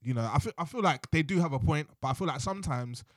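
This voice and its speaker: A young man, chatting casually as a podcast co-host, animated, slangy and laughing often. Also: a little high, quick pace, dry recording, clean studio sound. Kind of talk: casual chat.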